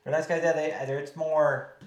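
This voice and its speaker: A man hosting a podcast in casual chat, with a stutter and a lisp, talking fast and sometimes mispronouncing words. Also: a little high, little pitch movement. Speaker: podcast host. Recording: echoey room.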